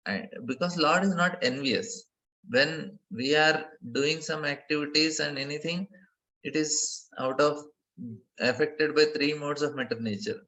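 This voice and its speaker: A man giving a devotional class lecture, earnest, often repeating phrases and laughing softly between points. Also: a little high, poor audio. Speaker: speaker giving a scripture class.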